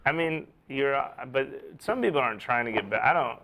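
A man's voice: medium pitch, animated, brisk, sharp tone, poor audio. A man, a podcast co-host and beginning comedian, chatting in a laid-back, self-deprecating way. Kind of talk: casual podcast chat. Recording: clear background noise and clicks.

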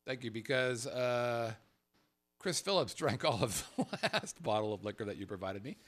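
Animated, bright-voiced man co-hosting. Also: mid-range voice, moderate pace. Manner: animated, playful, swings from loud to murmured asides. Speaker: co-host. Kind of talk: casual podcast banter.

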